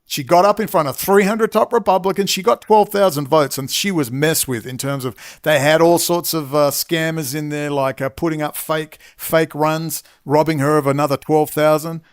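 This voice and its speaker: A man's voice: fairly high pitch, moderate pace, hardly any pauses. A man ranting as a commentator in an angry monologue, swearing and saying he is exhausted. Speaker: political commentator.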